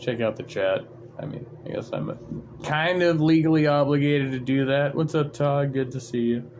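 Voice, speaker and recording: A man's voice: mid-range voice, normal speed, darkish tone, slight background noise. A man hosting a livestream, ranting in an irritated, profane, sarcastic way. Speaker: livestream host. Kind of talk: casual livestream rant.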